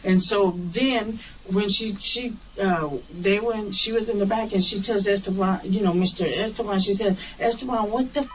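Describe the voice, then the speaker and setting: A woman's voice: mid-range voice, moderate pace, a crowd in the background. Woman cab driver telling a story, far off. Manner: animated storyteller acting out quoted dialogue. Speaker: taxi driver. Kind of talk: recounting an incident in an interview. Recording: distant, muffled recording with faint hiss.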